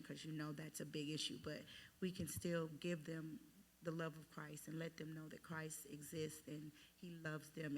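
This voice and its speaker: A woman's voice: sits low, gravelly, slight background noise. A woman who is a Christian teacher, speaking reflectively in a casual podcast discussion and quoting what she tells a student.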